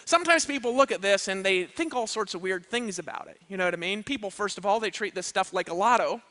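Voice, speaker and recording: A motivational speaker on an event stage gives a live seminar talk in a high, sharp voice at a quick pace. He's emphatic and keeps checking in with "right?" and "you know what I mean?".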